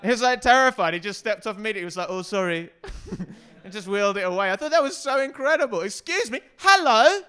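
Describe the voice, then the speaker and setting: Bright-voiced self-deprecating male comedian. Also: high-pitched, racing, smooth. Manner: self-deprecating, hesitant with many ums, then shouting bits. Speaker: stand-up comedian. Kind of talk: stand-up comedy set.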